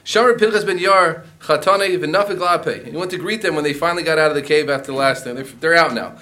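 A man's voice: fairly high pitch, fast talker, pushed and bright. A man teaching a Talmud class, mixing Aramaic and Hebrew phrases into his English explanations.

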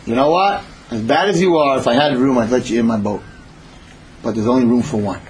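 A man's voice: medium pitch, a little fast, darkish tone, slight background noise, pitched below the performer's own voice, lightly acted, rough recording. A man voicing a hardworking, weary son who speaks plainly and earnestly. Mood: firm.

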